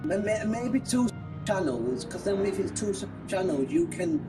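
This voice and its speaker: Energetic, joking male co-host. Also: high-pitched, normal speed, distant mic, over music, low-quality recording. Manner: energetic, jokey, rambling. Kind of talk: casual let's-play chat.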